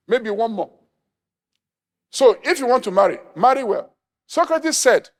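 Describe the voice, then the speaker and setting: A middle-aged pastor from Nigeria preaches with humor, acting out the people he quotes. His voice sits high for a man and swings widely up and down as he drives his points home. It is an animated sermon delivery throughout. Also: a little slow, long pauses.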